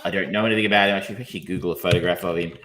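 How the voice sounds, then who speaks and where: A man's voice: sits low, steady tone, rapid-fire, noisy background. A man co-hosting a podcast, talking casually and rambling, with frequent ums, restarts and casual swearing. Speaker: podcast co-host reviewing films. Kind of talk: casual chat.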